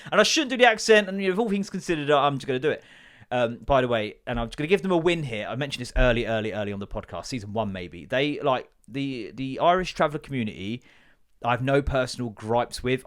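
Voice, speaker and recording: A man hosting a comedy podcast, telling rambling, sweary stories and doing the voices of the people in them. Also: mid-range voice. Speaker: podcast host. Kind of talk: casual comedic rant.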